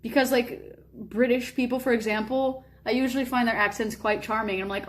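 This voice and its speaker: A woman chats casually on a live stream, telling stories animatedly with drawn-out words, fillers and sudden high bursts.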